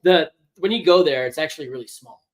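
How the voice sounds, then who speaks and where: Chatty man with a high voice. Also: fast talker. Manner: rambling storyteller, chatty and joking. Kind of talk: casual chat.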